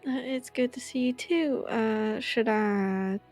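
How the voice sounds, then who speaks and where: Polite, somewhat high-voiced woman player. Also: takes it slowly, a little mellow, soft background music. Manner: polite, slightly hesitant. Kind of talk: in-character tabletop play.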